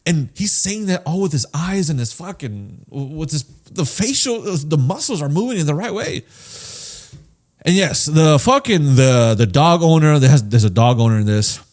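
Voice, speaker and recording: A man's voice: fairly high pitch, moderate pace. A man co-hosting a podcast in casual chat, swearing freely and acting out the voices of the people he quotes. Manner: animated, profane, acts out quoted voices. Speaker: podcast co-host.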